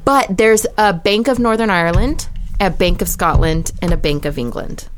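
A woman chatting casually with friends, an animated storyteller who laughs often and fills with um and like. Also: mid-range voice, normal speed, slight background noise. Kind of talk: casual chat.

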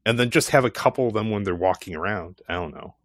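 A man's voice: on the low side, expressive, quick pace, no echo. A man in easy conversation, his voice climbing and dipping as he jokes and riffs. He laughs often and keeps it playful. The sound is dry and close, with no room around it. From not California. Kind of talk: casual chat.

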